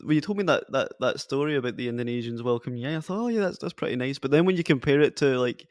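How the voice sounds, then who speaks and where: A Scottish man hosting an interview, asking relaxed questions and laughing along with his guest. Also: mid-range voice, fast, dry recording. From Scotland. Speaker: podcast host. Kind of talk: casual interview chat.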